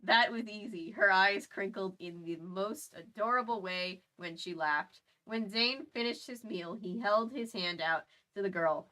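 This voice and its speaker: A woman's voice: medium pitch, measured pace, hardly any pauses, bright, forceful tone. A woman reading a book aloud with playful, chatty comedic asides as the show's host.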